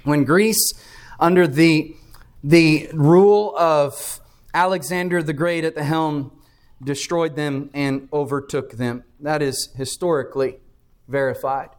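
High-voiced man preaching a sermon. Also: fairly even intonation, slow pace. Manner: emphatic expository preaching, quoting scripture.

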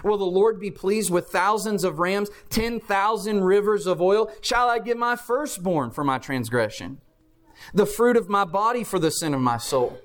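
A man with a fairly high voice delivers a sermon. He reads scripture and drives each point home with earnest, emphatic stresses. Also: normal speed, a bit bright. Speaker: preacher.

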